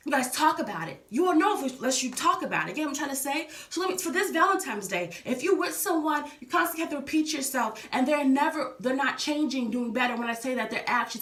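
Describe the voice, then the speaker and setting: A woman's voice: sits high, a bit bright, far from the mic. Earnest young woman, echoey room. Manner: earnest, repetitive, talks straight to the viewer as "baby". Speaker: vlogger giving relationship advice. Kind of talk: casual heartfelt advice talk.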